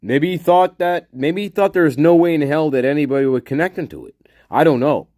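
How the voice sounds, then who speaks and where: Male streamer, angry profane rant, higher voice swinging widely in pitch, close and dry sound. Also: lively intonation, brisk, darkish tone, no room sound. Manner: muttering while reading chat. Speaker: livestream host. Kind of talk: casual livestream chat.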